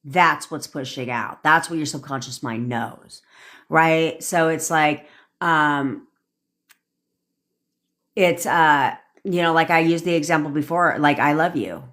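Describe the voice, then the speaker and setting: A woman's voice: low-pitched, slow, fairly bright tone. A young woman coaching on a phone livestream, talking in a blunt, profane, cocky way and laughing at herself. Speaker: manifestation coach. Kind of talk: casual livestream rant.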